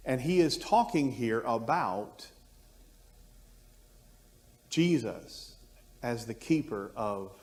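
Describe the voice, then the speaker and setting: A man's voice: mid-range voice, lively intonation, slow pace, long pauses, darkish tone. A man teaching an adult Bible class, musing aloud and thinking through his points with frequent restarts. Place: church classroom. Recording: long reverb of a church room.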